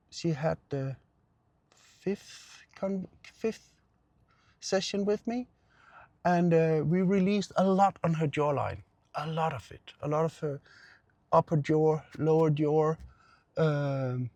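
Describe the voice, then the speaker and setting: Gravelly middle-aged man telling a story. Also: fairly high pitch, warm tone, no room sound. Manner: earnest, repeats phrases for emphasis. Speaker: pain therapist. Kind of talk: personal storytelling.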